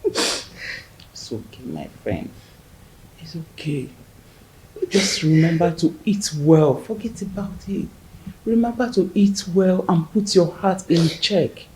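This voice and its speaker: A middle-aged actress with a Nigerian accent playing a widow gently consoling a grieving friend in a film. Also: female voice, lowish voice, unhurried, a little hiss or hum, lightly acted, poor audio. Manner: soothing, motherly, hushed.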